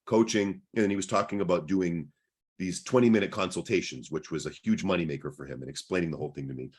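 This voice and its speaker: A man's voice: sits low, fast talker, a little mellow, breathy edge. A young adult man co-hosting a podcast, telling a long anecdote in a casual way and acting out what people said. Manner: long anecdote full of acted-out quoted dialogue. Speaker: podcast co-host. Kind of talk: casual storytelling.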